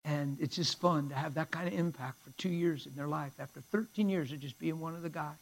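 A middle-aged man preaches in a high voice, telling stories with lively swings in loudness. He acts out the people in his tales, dropping to near hushed tones before rising again. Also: fairly quick, vocal fry, rough recording. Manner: animated storyteller acting out dialogue, swings from hushed to loud. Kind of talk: sermon storytelling.

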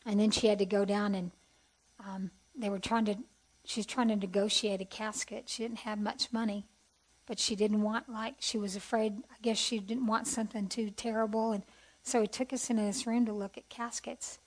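A middle-aged woman telling her personal testimony in an earnest, heartfelt way, with soft hesitations. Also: mid-range voice, little pitch movement, moderate pace, low-quality recording. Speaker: speaker sharing testimony.

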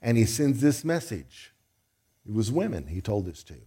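A man's voice: lowish voice, sing-song, normal speed, warm tone, slightly rough. A man preaching a sermon in a conversational way, acting out quoted voices as he goes.

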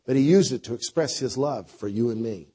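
A man preaching a sermon with a conversational style, dropping to quiet lines and rising to loud, drawn-out phrases. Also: medium pitch, expressive, slightly rough. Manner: preacher with a dynamic delivery, swinging between soft and loud. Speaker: pastor.

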